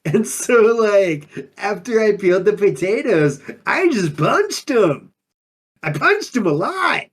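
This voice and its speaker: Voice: medium pitch, big pitch swings, takes it slowly, husky, exaggerated voice. A performer playing a laid-back undine monk who talks in drawling surfer slang, in an improvised in-character interview. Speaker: player character.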